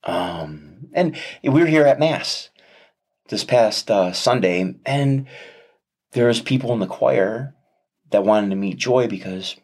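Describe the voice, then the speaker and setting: Man, deep low voice, interview guest, father, heartfelt testimony, earnest, reflective, halting restarts. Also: lively intonation, darkish tone. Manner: earnest, reflective, speaks with many pauses and restarts.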